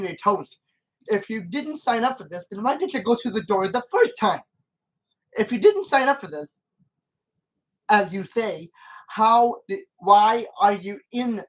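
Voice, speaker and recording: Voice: mid-range voice, low-quality recording. A channel host giving casual commentary on a film, rambling and repeating points with many restarts and arguing emphatically with the character.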